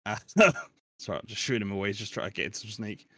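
A man's voice: fairly low pitch, racing, sharp tone. A middle-aged man speaking as a podcast guest in a rambling, self-deprecating chat, laughing often. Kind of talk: casual chat.

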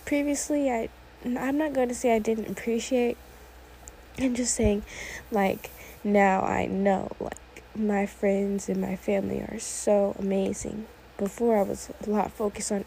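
An eighteen-year-old woman talking alone on her own podcast, her voice mellow and low in tone with a lot of vocal fry. She rambles and wanders off topic, filling her speech with "like" and "oh my gosh.". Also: little pitch movement, a little slow, a little hiss or hum, poor audio. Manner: rambling, often sidetracked, many "like"s. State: a little emotional, teary. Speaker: podcast host. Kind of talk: casual solo podcast monologue.

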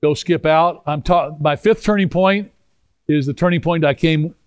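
A middle-aged man preaching a storytelling sermon, animated and rambling with frequent restarts, moving into prayer. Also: a little high, normal speed, clean tone, no room sound, clean studio sound. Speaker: pastor.

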